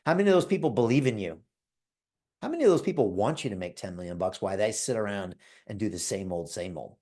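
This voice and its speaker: A man hosting a live call and giving a motivational pitch, speaking emphatically, calling on listeners by name and asking "right?" again and again. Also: very animated, quick pace, warm tone. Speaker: host pitching an investment club.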